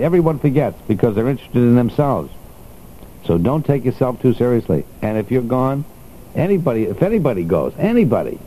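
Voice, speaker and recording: A man's voice: mid-range voice, warm tone, a little hiss or hum, low-quality recording. An older man hosting a radio show in a casual, chatty way, laughing often and reading items aloud to the listeners. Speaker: radio host.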